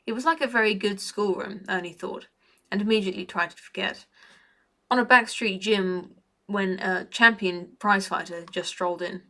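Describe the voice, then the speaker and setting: Bright-voiced woman reading a story aloud. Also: medium pitch, fairly even intonation, normal speed. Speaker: reader.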